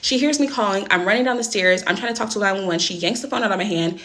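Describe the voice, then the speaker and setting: A young woman recounts a personal story straight to camera in casual storytime fashion. Her voice sits at a middle pitch, and she is blunt and swears freely. She rushes her words and gets animated whenever the story upsets her.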